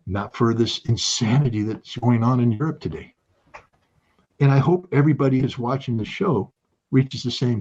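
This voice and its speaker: A man's voice: medium pitch, a little mellow, slightly rough. A man giving impassioned political commentary, emphatic and rising to urgent outbursts. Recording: dull lo-fi sound.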